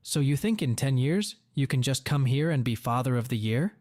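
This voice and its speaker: A man voicing a cold, scornful, wealthy middle-aged woman in a story reading, sharp in tone. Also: medium pitch, expressive, normal speed, dry recording, studio quality, natural voice.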